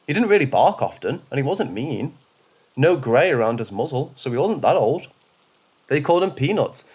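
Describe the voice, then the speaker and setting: A man reading scripted paranormal stories aloud as a first-person narrator, in a measured delivery with the odd stumble. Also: medium pitch, a little mellow, slightly rough. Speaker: storyteller. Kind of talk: scripted horror story narration.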